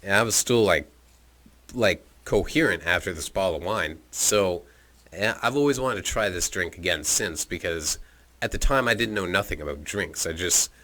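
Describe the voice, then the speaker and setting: A man's voice: sits low, moderate pace, sharp tone. A man telling a personal story in a rambling, profane, casual way into his own microphone, with chuckles and filler words. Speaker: podcast storyteller.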